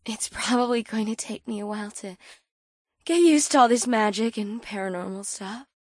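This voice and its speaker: A woman's voice: a little high, normal speed, no echo, studio quality, lightly acted. A woman voicing a blunt, outspoken young student who sounds shaken. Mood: amazed.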